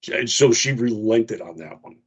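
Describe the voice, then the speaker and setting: A man's voice: lowish voice, normal speed, husky. A man co-hosting a radio talk show, telling a story in casual chat and acting out what others said in a raised voice. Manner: animated storyteller, acts out quotes in a raised voice.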